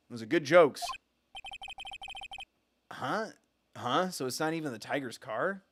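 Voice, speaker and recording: A man streaming a game, joking quickly and reading the dialogue aloud. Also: mid-range voice, expressive, slight background noise. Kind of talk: casual gaming commentary, reading game lines aloud. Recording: gaming stream with music underneath.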